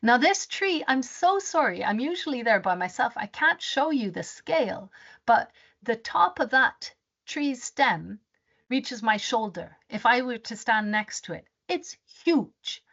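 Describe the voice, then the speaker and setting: A woman presenting a webinar as a rainforest advisor. She tells her story in an animated way and often restarts her sentences. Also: on the high side, a little slow. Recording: dull lo-fi webinar audio.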